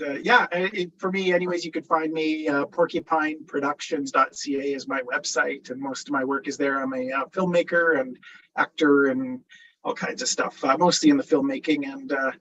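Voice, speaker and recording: A man's voice: a little high, a bit bright, recorded from a distance, lo-fi sound. A man, a filmmaker and actor, chatting casually on a video call after a table read, with many fillers and laughs.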